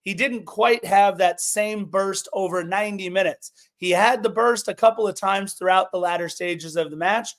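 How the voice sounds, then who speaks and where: High-voiced man talking soccer. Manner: animated, opinionated. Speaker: podcast co-host. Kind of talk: casual sports podcast chat.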